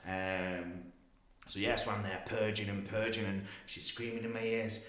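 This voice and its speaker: A man's voice: fairly low pitch, brisk. A man telling a personal story in casual talk, acting out voices and swearing freely. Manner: animated, swearing, acts out voices. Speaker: guest. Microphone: podcast mic. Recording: echoey room.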